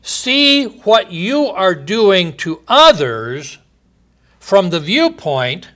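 Bright-voiced earnest preacher man. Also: sits high, big pitch swings. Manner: earnest, teaching, rhetorical questions, emphatic pauses. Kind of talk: sermon.

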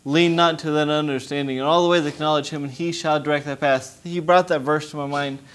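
A man's voice: fairly high pitch, steady tone, brisk. Impassioned man preaching a testimony. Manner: impassioned, rising to loud pleading. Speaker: missionary preacher. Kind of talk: testimony sermon.

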